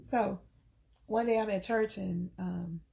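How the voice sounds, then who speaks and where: Speaking slowly in a mellow, creaky mid-range voice with a steady tone, a middle-aged woman coaches on relationships. Her live stream is casual, sassy talk to camera, preaching straight to the ladies.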